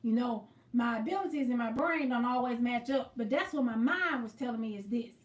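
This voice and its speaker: High-voiced woman, chatty livestream host, echoey room, sits back from the mic. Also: brisk, recorded from a distance. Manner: chatty, greets viewers by name, explains as she works. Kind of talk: casual livestream chat while quilting.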